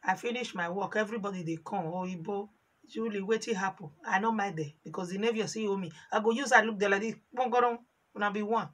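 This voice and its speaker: A woman with a Nigerian accent telling a story from her life in a casual vlog, animated and voicing the people she quotes. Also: medium pitch, quick pace. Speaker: vlogger. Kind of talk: casual storytelling monologue in Pidgin.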